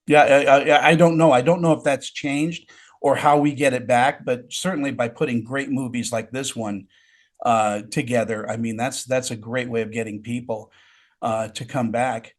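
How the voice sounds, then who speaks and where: A man's voice: medium pitch, steady tone, moderate pace. Eager, agreeable man hosting an interview. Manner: eager, agreeable, hesitant restarts. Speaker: interview host. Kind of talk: casual interview.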